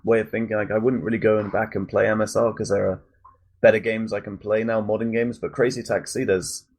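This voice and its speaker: A man's voice: on the low side, level tone, a little fast, a little mellow, slight background noise. A man co-hosting a podcast, chatting casually and leaning on the word "like" constantly. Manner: chatty, heavy use of "like". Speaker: podcast co-host.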